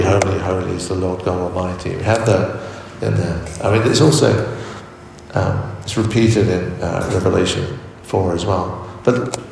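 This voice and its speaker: A man delivers a sermon, measured and searching, often circling back on his words. His voice sits fairly low with a gravelly edge. It is picked up from a distance in a big hall with a long, echoing reverb. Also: a little mellow, slight background noise. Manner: measured, repeats words while searching for phrasing. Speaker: preacher. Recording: echoey hall, voice from far off.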